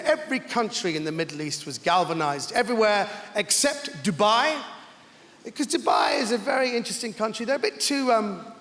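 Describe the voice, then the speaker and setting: A man doing self-mocking stand-up comedy on a large theatre stage with a stage mic. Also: high voice. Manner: animated, self-mocking storytelling. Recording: echoey hall, loud crowd laughter.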